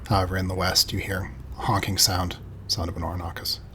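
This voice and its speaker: A man narrating as game master of a tabletop game, describing scenes in a calm, measured way with frequent pauses. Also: low-pitched. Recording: home recording with noticeable background noise.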